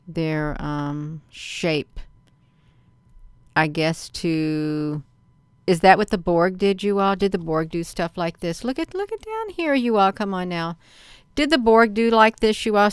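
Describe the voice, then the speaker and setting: A woman's voice: lowish voice, smooth, no echo. A middle-aged woman vlogging, rambling chattily over a webcam feed and often addressing viewers as "you all.". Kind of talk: casual commentary on a webcam feed.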